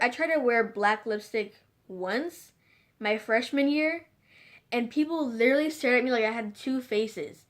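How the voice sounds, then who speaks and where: A teenage girl chatting casually to the camera in a rambling way, full of fillers and restarts. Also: fairly high pitch. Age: teens. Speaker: vlogger.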